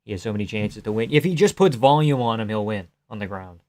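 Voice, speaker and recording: A young man hosting a livestream, reacting to a fight with casual, profane commentary, yelling advice at the fighters and laughing often. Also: lowish voice, fast. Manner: excitable, profane, yells at fighters, frequent laughs. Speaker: livestream host.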